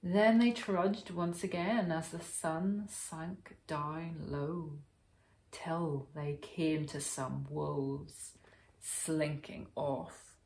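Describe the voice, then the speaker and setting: A woman reading a rhyming picture book aloud for children, rhythmic and expressive. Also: low-pitched, drawn-out words, echoey room. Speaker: children's storyteller.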